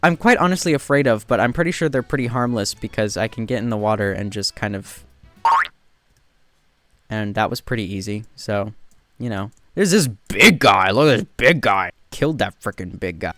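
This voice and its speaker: A man giving casual, joking commentary while playing a game, getting excited and loud when he spots something new. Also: normal speed, no room sound, faint music behind. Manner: excitable, jumps to high squeals when spotting birds; self-deprecating, joking asides. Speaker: gaming video creator.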